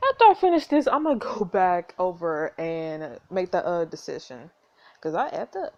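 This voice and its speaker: Excitable giggly woman playing a story game. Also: on the low side, moderate pace. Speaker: gaming video host. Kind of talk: reading and reacting to a story game.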